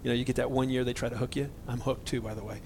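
A man's voice: mid-range voice, flat delivery, rapid-fire, vocal fry, a little mellow, slight background noise. A man preaching a conversational sermon, earnest and indignant, speaking to his listeners directly. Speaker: pastor.

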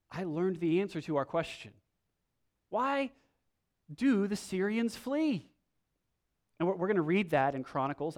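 A male pastor preaching a sermon, reading scripture dramatically and acting out the characters' lines. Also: a little high. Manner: animated, dramatic reading with acted-out quotes.

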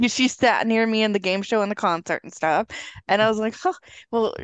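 A woman chatting as a podcast guest, telling an animated story and acting out the quotes. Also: medium pitch, a little fast, smooth, no echo. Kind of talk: casual chat, storytelling.

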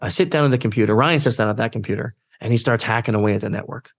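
A man telling a story as a guest in a career interview, acting out the dialogue and jumping up in pitch when he quotes people. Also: very fast. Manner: animated, acts out quoted dialogue with his voice jumping up. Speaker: guest, social engineer.

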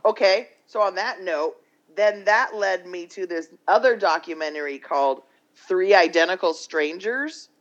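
A podcast co-host tells a story in a loose, rambling way, voicing everyone's lines and swearing freely. The voice sits at a middle pitch. The mic sounds dull and lo-fi. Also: a little slow, a bit bright. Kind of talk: casual chat, retelling a documentary.

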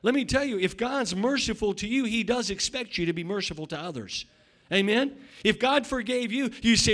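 High-voiced man preaching with sudden shouts. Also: animated, normal speed. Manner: swings between loud shouting and quiet asides; repeats words and restarts. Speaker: pastor. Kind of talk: sermon.

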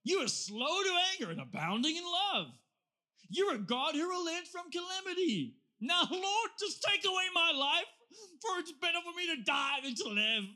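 A man voicing an angry, melodramatic male prophet who complains to God in a high, strained, whiny voice. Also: big pitch swings, moderate pace, sharp tone, heavily acted. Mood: exasperated. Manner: dramatic, exasperated complaining.

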